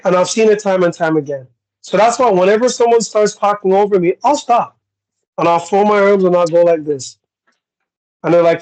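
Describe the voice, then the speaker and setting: A man's voice: high voice, low-quality recording. A man with a Canadian accent co-hosting a podcast, talking bluntly and acting out exchanges in casual chat. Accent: Canadian English. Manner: blunt, animated, acts out quoted exchanges. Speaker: podcast co-host.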